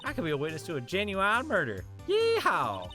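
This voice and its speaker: A loud, chatty Southern country girl, put on by a man reading game lines, drawling in a bright, forceful voice. She swings up and down lively as she talks, folksy and brash. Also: high-pitched, normal speed, soft background music, pitched above the performer's own voice, heavily acted. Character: boisterous young Southern woman photographer. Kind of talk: video game dialogue read aloud.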